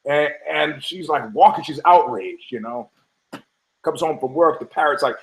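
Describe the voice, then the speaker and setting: A man with a fairly high voice and vocal fry hosts a podcast at a moderate pace, delivering a profane, wandering sports monologue packed with restarts and side tracks. He acts out characters' voices, tells jokes, and laughs at them, though the recording quality is low.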